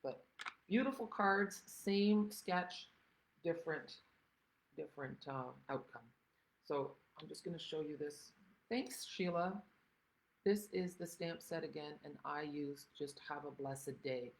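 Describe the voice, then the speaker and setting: A woman's voice: sits low, measured pace, poor audio. An older woman chatting casually through a livestream craft tutorial, rambling and greeting viewers by name. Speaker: stamping craft demonstrator.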